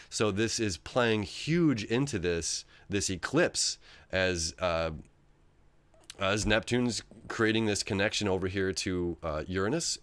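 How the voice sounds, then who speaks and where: A man talking casually on his own, rambling and conversational, often checking in with "right?" as he goes. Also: on the low side. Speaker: astrology video host. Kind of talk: casual solo monologue.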